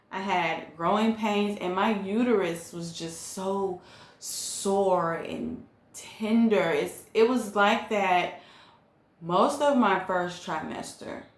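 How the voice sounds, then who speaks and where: Slow, chatty woman in an echoey room. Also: fairly low pitch. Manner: chatty, relaxed, many ums and likes. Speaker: pregnancy vlogger. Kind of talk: casual chat to camera.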